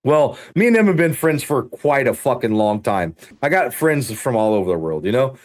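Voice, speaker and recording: A man's voice: mid-range voice, very animated, moderate pace. A man chatting on a gaming podcast, telling profane stories animatedly and laughing often. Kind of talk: casual gaming podcast chat.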